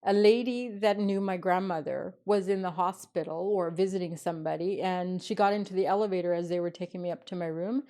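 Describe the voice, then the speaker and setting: Mom telling her hospital story, lowish voice, animated and firm. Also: a little fast, hardly any pauses. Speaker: mother. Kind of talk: personal storytelling in interview.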